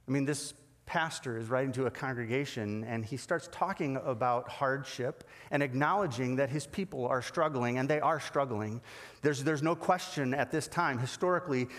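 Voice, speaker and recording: Pastor in a reverberant hall. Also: male voice, medium pitch. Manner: animated, acts out quoted dialogue. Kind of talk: sermon.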